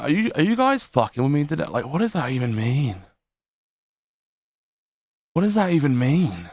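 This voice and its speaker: A man's voice: fairly high pitch, sing-song, moderate pace, pauses often, a little mellow, dry recording. A man giving profane, mocking reaction commentary to a stream, laughing often and padding his talk with fillers.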